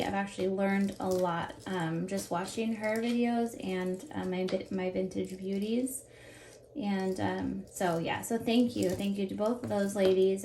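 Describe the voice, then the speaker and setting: A woman's voice: medium pitch, warm tone, slight background noise. A woman in her thirties chatting casually as she unboxes jewelry, rambling from topic to topic. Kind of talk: casual chat while unboxing. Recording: roomy echo with faint ambience.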